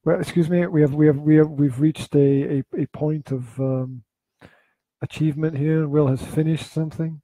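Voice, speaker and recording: Male podcast co-host, mellow husky voice, dry close sound, deliberate and wry. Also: a little high, steady tone, no echo, low-quality recording. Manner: slow, halting, repeats words, dry teasing. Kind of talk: casual chat.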